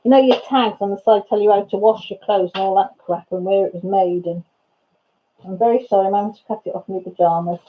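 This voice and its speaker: A woman's voice: medium pitch, brisk, highs cut off. A woman hosting a casual crafting livestream from home, rambling and chatty, often breaking off mid-thought. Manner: chatty, rambling, self-interrupting. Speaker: crafting channel host.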